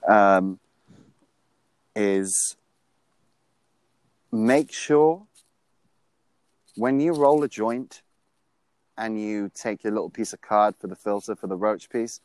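A man's voice: lowish voice, takes it slowly, pauses often, darkish tone, smooth, dry recording. A man co-hosting a casual podcast, rambling in an easygoing, slangy way over a remote call. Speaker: podcast co-host.

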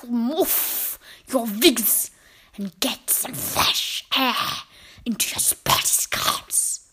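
A woman's voice: a little high, very slow, pushed and bright, husky, pitched below the performer's own voice, full character voice. A woman voicing a harsh, snarling witch leader with a guttural foreign-sounding accent. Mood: barking commands. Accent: foreign guttural put-on accent. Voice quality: harsh, barking.

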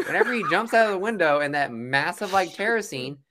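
A man co-hosting a casual movie podcast, relaxed and swearing freely. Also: high voice, a little fast, background noise. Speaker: podcast co-host.

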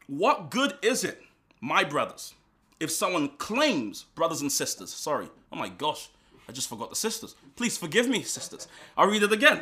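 A man preaching a sermon, emphatic and animated, with quick restarts and asides. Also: fairly high pitch. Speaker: pastor.

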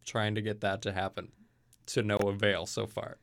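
A man's voice: lowish voice, flat delivery, moderate pace, vocal fry. A young man from Kentucky, a college student guest, telling stories in a casual interview with lots of fillers. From Kentucky, USA. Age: young adult. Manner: chatty, storytelling, many fillers.

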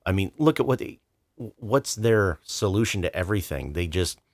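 A man's voice: deep voice, expressive, normal speed, no room sound, clean studio sound. A man co-hosting a podcast, talking bluntly with swearing and stammered restarts. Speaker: podcast co-host. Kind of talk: casual political chat.

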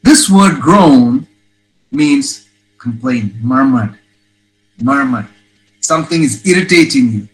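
A man's voice: medium pitch, expressive, takes it slowly, long pauses, faint music behind, poor audio. A man preaching a sermon, reading scripture aloud and asking his listeners rhetorical questions. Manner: emphatic, rhetorical questions, acts out quotes.

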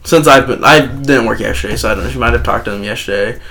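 A man's voice: mid-range voice, quick pace, bright, forceful tone. A young adult man co-hosting a podcast, telling rambling, profane work stories in casual chat. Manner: rambling, profane, quotes coworkers. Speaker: podcast co-host.

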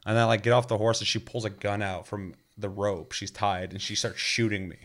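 Low-voiced man rambling casually, swearing freely. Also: flat delivery, fairly quick, fairly bright tone. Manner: loose and rambling, swears freely, heavy filler words. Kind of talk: casual chat about a video game.

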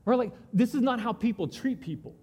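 A pastor preaching a sermon, retelling scripture in casual, conversational voices and dropping to a quiet intensity. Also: male voice, very high-pitched, expressive, brisk, slightly rough. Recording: long reverb of a large hall.

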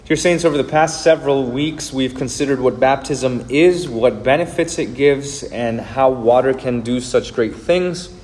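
A man's voice: mid-range voice, unhurried, hardly any pauses, a little mellow, long reverb tail. A man preaching a sermon as pastor, earnest and explanatory, with frequent filler words.

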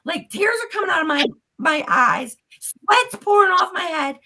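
A woman guest on a podcast, casually retelling a story in an animated, profane way. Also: extremely high pitch, moderate pace, rough recording.

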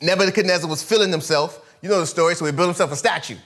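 A man preaching a sermon, retelling a Bible story with lively storytelling and casual slang. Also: on the high side, racing. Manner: animated storytelling, acts out characters in casual slang.

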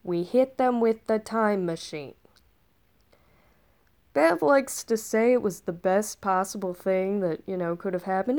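A woman's voice: mid-range voice, lively intonation, unhurried, a little mellow. A woman telling a rambling story in character as a time traveler, chatty and casual, with sarcastic asides.

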